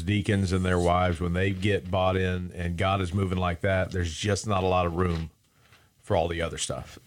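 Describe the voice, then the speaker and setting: A man co-hosting a church podcast, wrapping up the episode in an upbeat, encouraging way. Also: lowish voice. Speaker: podcast co-host. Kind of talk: podcast sign-off and chat.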